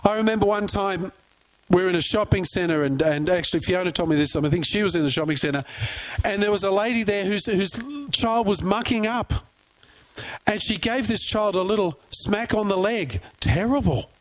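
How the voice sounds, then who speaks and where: A man preaching with a high, bright-sitting voice. He tells stories with animation and keeps firing questions at his listeners. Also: normal speed. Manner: animated storyteller, asks the crowd questions. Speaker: pastor. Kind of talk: sermon.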